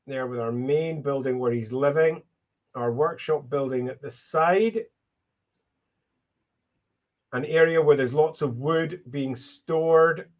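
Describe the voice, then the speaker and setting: High-voiced Scottish man thinking aloud. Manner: thinking aloud, hesitant with many ums; greets viewers by name. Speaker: livestream host. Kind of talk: casual livestream chat while mapping.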